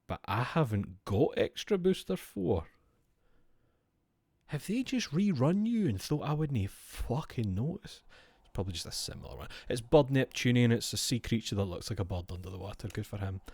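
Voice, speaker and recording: Scottish guy nattering away to himself, bit low, swears a lot, dead dry room. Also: a little mellow, no echo. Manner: rambling, sweary, musing aloud to himself. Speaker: streamer. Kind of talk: casual chat while opening trading card packs.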